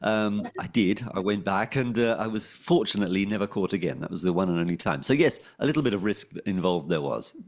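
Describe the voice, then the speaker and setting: A man's voice: on the low side, animated, fairly quick, few pauses. Middle-aged London man, former radio DJ, casual loose interview talk at a desk mic. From England. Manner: rambling, many fillers and restarts. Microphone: desk microphone.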